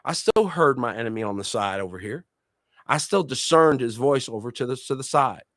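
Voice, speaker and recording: A man's voice: mid-range voice, lively intonation, brisk, a bit bright, dry recording. A middle-aged man from Puerto Rico sharing a personal testimony in a religious discussion, speaking with passion and repeating his key phrases for emphasis. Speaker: co-host and minister.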